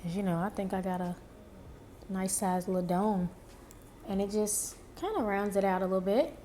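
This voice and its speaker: A woman's voice: mid-range voice, dark tone, a little hiss or hum. A young woman talking viewers through her makeup routine in a casual, chatty way, often addressing them directly and talking to herself. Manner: chatty, talks to viewers and herself, drawn-out exclamations. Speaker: beauty vlogger.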